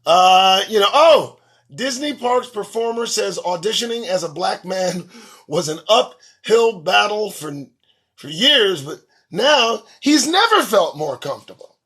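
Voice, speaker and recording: High, lively ranting male host. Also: unhurried. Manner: ranting, profane, sarcastic. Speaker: show host. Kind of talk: solo commentary on news headlines.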